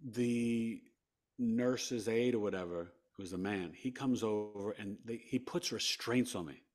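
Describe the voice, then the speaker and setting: Animated man telling a personal story. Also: fairly low pitch, measured pace. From New York. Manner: animated, swings between hushed and loud, re-enacts dialogue. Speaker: podcast guest.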